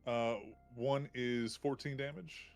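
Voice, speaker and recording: A man playing in a tabletop game, relaxed and counting out his rolls aloud. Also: medium pitch, slow pace, vocal fry, soft background music. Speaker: player. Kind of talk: casual game talk.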